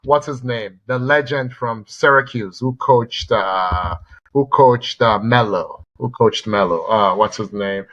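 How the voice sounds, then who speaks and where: A man co-hosting a sports podcast, telling stories in a rambling, animated way and often repeating words. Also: mid-range voice, slow pace, muffled recording. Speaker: podcast co-host. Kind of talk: casual sports chat.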